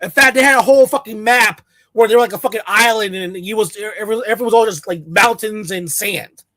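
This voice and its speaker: A fired-up commentator rants alone to the audience, swearing freely and mocking opponents with sarcastic quoted asides. The voice sits at a middling pitch. The recording is dry and close, with no room sound. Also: a little fast, a bit bright, no room sound. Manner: heated, profane, sarcastic, mocks others in quoted voices. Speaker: channel host. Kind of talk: solo ranting commentary to camera. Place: in the United States.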